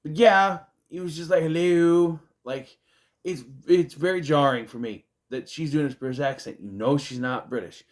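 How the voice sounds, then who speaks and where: A man's voice: medium pitch, moderate pace. A man, casually reviewing a movie in a rambling, chatty way, with self-deprecating asides. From United States.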